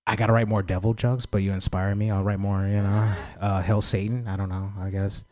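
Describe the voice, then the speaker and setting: Low-voiced guy fumbling through crowd work on stage, lots of restarts. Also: level tone, a little mellow. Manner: halting, hesitant, full of restarts and pleading. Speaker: stand-up comedian asking the crowd for feedback. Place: comedy club stage.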